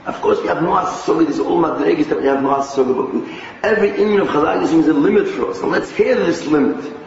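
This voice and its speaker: Echoey, high-voiced preaching man with Yiddish inflection. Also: quick pace, gravelly. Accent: Yiddish-inflected English. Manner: animated, mixing Yiddish and Hebrew terms, many restarts. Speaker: rabbi giving a Torah talk. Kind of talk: sermon. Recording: distant echoey hall, muffled.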